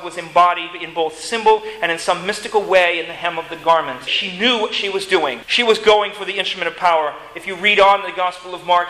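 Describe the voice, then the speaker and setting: Man preaching, high bright voice, really emphatic, teaches and acts stuff out. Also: poor audio. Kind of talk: sermon.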